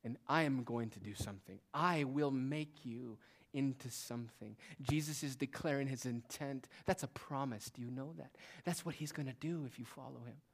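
Man, pastor, sermon, mid pitch, hushed to raised emphasis. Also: moderate pace. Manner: preaching with dynamic swings from hushed to raised. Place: church.

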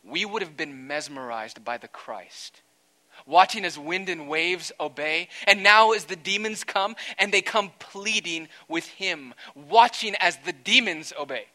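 A man preaching a sermon, conversational and animated, swinging between loud and quiet with dramatic asides. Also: high voice, unhurried, rough recording. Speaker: pastor.

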